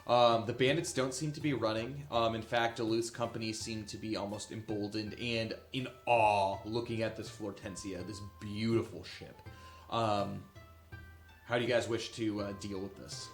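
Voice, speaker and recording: A man narrating a tabletop game as game master, in a casual, halting way with many fillers. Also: fairly low pitch, fairly even intonation. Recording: echoey room with faint music.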